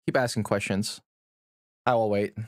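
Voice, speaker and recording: A man's voice: fairly low pitch, steady tone, normal speed, no room sound, studio quality. Blunt, profane male streamer. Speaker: livestreamer. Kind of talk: casual livestream chat.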